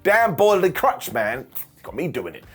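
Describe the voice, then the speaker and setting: Male host, slightly high, husky voice, animated and sarcastic review delivery. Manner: sarcastic, jokey, quick asides. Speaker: wrestling show reviewer and host. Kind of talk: animated comedic recap.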